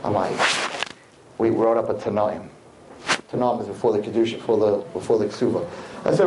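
A man, a rabbi telling a story to a live audience in an animated sermon, acting out the people in it. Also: fairly quick, roomy sound, noisy background. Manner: animated storyteller acting out quotes, swinging loud and high. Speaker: rabbi giving a talk to young people.

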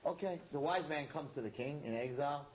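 A man teaching a class, telling a parable in an animated, emphatic way and repeating his points. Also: on the high side, brisk, background noise. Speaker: religious teacher. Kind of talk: storytelling lesson to a class. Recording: roomy echo.

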